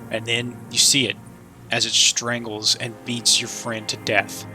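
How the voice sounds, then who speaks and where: A man voicing a frail, bitter old soldier in his sixties, delivering a grim, haunted monologue in a flat voice. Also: mid-range voice, measured pace, music in the background, natural voice, poor audio. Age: 60s.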